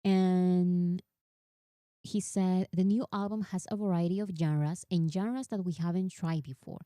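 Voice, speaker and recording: A woman chatting on her live stream, giving animated fan commentary and reading quotes aloud. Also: on the low side, measured pace, clear, resonant tone, dry recording.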